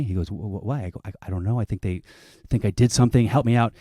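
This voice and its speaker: A man telling a long comic story on a panel show, animated and swearing, acting out other people's lines. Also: on the low side, quick pace, dry recording, studio quality.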